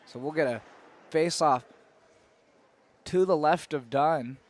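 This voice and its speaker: A man calling hockey play-by-play, firing off quick calls that jump to shouts on shots and goals. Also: fairly high pitch. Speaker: play-by-play commentator.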